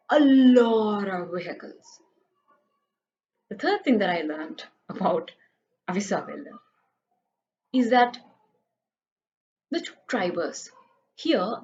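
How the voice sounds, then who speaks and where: A woman with a Sri Lankan English accent chats her way through a casual vlog, playful and animated. Her voice sits at a middle pitch. The recording is slightly dull and lo-fi. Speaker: vlogger.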